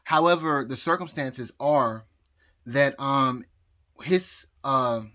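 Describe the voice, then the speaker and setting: Male vlogger, rambling and hesitant, mid-pitched, dry sound. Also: slow pace, pushed and bright, no echo. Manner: hesitant, many ums and restarts. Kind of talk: rambling casual vlog. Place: outdoors, then indoors at home.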